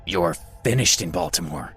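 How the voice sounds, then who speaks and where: A man's voice: low voice, expressive, normal speed, a bit bright, soft background music. A man voicing a proud, humiliated male business tycoon who speaks in cold threats. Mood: vengeful.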